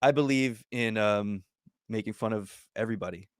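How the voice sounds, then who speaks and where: A man hosts a relaxed conversation, teasing his guest and asking long, rambling questions full of fillers. His pitch is mid-range, and the dry room adds no echo. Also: normal speed. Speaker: podcast host. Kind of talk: casual chat.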